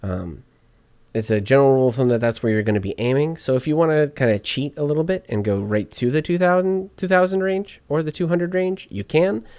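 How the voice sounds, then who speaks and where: A man walking through podcast audio editing out loud, chatty and joking to himself as he works. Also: mid-range voice, no echo. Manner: chatty, jokey asides while working. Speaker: podcast editor streaming his editing session. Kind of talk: casual on-screen tutorial talk.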